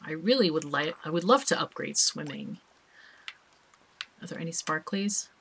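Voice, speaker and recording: A woman's voice: low-pitched, animated, moderate pace, vocal fry, noisy background. A woman hosting a let's play, chatting casually and thinking aloud as she plays, with small laughs. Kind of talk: casual gameplay commentary.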